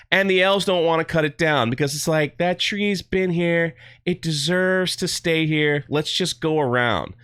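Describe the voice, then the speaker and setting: A man's voice: a little high, pushed and bright, smooth, dry recording, studio quality. A man reviewing a TV show in a casual vlog, sarcastic and mocking.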